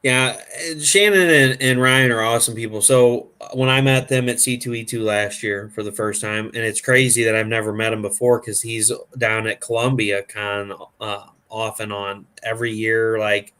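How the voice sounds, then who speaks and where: A man's voice: fairly low pitch, fairly even intonation, moderate pace, hardly any pauses, bright, forceful tone, smooth. Rambling man hosting a chat. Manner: rambling storyteller, acts out quoted voices. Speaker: host. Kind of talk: casual chat.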